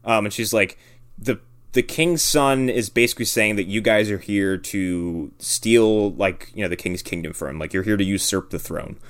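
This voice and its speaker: A man's voice: on the low side, moderate pace. A man casually recapping a movie scene with friends, rambling with lots of fillers and swearing. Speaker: podcast co-host.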